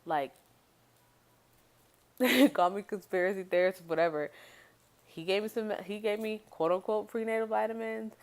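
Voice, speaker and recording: A young woman vlogging about her baby, talking in a rambling, blunt way and swearing freely. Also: low-pitched. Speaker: mom vlogger. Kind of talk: casual vlog monologue.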